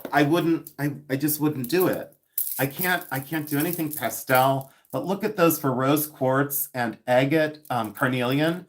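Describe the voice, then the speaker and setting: A man's voice: mid-range voice, measured pace. A man hosting a casual live stream while unboxing items, chatty and giggly, reading viewer comments aloud and repeating words for fun. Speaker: live-stream seller and host.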